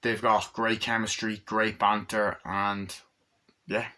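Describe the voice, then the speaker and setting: Flat-toned, bright-voiced male movie reviewer. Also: lowish voice, slow. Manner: loose rambling recap with casual swearing.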